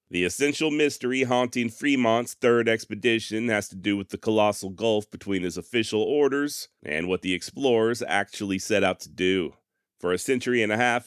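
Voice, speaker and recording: A man with a low, smooth, resonant voice tells history as a podcast host. His delivery is wry and folksy, and he is quick to poke fun at himself. The recording is dry and close. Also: no room sound. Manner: wry, sarcastic, self-mocking; folksy turns of phrase. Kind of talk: podcast storytelling narration.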